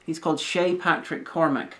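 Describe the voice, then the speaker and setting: A woman's voice: low-pitched, fairly even intonation, normal speed, a bit bright. Blunt sweary woman ranting. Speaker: co-host. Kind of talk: casual chat commentary.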